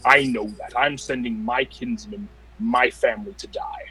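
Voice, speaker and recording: A man's voice: mid-range voice, very animated, normal speed, bright, forceful tone, husky, soft background music, full character voice, low-quality recording. A man playing a grim, scornful warrior leader in a tabletop game, speaking with anger. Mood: bitter, defiant. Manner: angry, scornful speech. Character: defiant male warrior leader, bitter and grim. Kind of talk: tabletop role-play.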